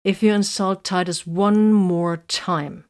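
Woman reading young woman psyker, blunt, sharp, demanding, storybook voice. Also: medium pitch, fairly even intonation, slow pace, clean tone, natural voice. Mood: shocked.

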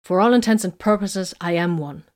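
A woman's voice: fairly low pitch, normal speed, a little mellow, natural voice. A woman voicing a bitter, hurt young woman warrior in an audiobook, speaking in an emotional, confessional way. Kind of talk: audiobook character reading.

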